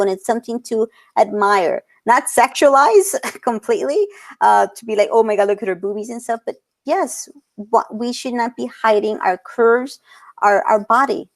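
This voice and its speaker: Brief: thirties woman, interview guest, earnest, quick to laugh, mid-pitched, slips Spanish words into English. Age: 30s. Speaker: guest, portrait photographer. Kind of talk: casual interview talk.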